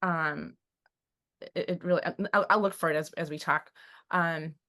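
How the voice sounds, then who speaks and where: Emotional, hesitant woman with a low voice. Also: steady tone, a little slow, bright, forceful tone. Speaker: guest. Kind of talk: personal conversation and poem reading.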